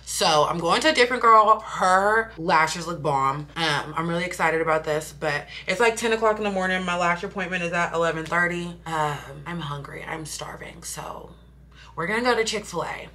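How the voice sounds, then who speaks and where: A young woman vlogging in a casual, chatty way, blunt and swearing freely, tired and a bit hoarse from losing her voice. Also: fairly low pitch, moderate pace, sharp tone, slight background noise. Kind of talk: casual vlog chat.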